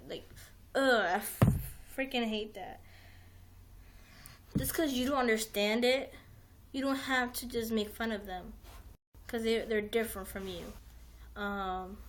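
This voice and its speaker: Young woman streamer, fairly high voice, loose rambling delivery with lots of "like" and restarts. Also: a bit bright. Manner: rambling, heavy use of "like", frequent restarts, swears. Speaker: livestream host. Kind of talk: casual rambling chat.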